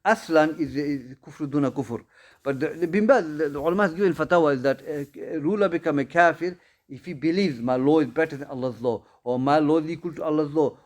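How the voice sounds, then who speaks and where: A man's voice: a little high, brisk, darkish tone. Man teaching a casual study class. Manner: conversational, repeats phrases, frequent restarts and fillers. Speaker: Islamic studies teacher. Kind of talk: informal class Q&A.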